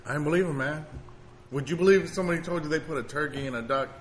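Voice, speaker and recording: A man's voice: fairly high pitch, very fast, a little hiss or hum. A man bantering and cracking jokes with friends on a podcast, swearing casually. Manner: joking, profane banter. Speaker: podcast co-host. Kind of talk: casual chat. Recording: echoey room with crowd chatter behind.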